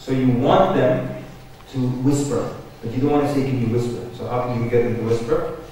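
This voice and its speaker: A man's voice: medium pitch, fairly even intonation, normal speed, mellow, slight background noise. A man giving a humorous religious lecture at a conference, talking conversationally and addressing the audience directly. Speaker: conference speaker. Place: large conference hall. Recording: echoey hall, picked up from far off.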